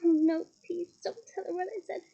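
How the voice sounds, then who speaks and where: A woman's voice: very high voice, fairly even intonation, normal speed, creaky. A woman playing a flustered, anxious schoolgirl. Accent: Scottish. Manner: flustered and overly bright. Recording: dull lo-fi recording.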